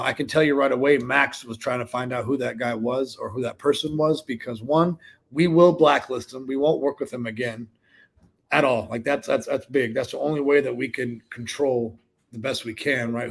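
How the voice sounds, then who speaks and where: Casual gravelly-voiced man coaching. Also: medium pitch. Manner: conversational, answers viewer questions, acts out sales calls. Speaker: co-host of a real estate sales livestream.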